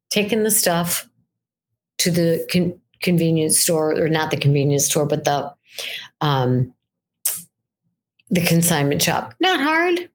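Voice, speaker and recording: An older woman talks through a solo mindset lesson as a weight-loss coach. Her voice sits at an ordinary middle pitch, and she keeps it conversational and lively, often pausing to check in with a quick question to the listener. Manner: conversational, animated, keeps asking "right?".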